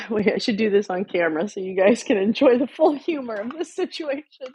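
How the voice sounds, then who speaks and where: A woman's voice: on the high side, brisk, darkish tone, breathy edge. A woman hosting a casual live stream, chatting playfully with her viewers and calling them darlings. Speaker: livestream host.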